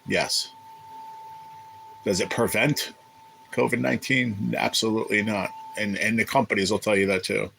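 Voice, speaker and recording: A deep-voiced man chats loosely through a livestream, talking straight to viewers in the chat. His tone has a bright, forward edge, and he rambles and swears freely. A faint hum sits under the recording. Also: steady tone, normal speed, vocal fry, long pauses, low-quality recording. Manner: rambling, profane, chatty with viewers. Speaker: livestream host reading chat.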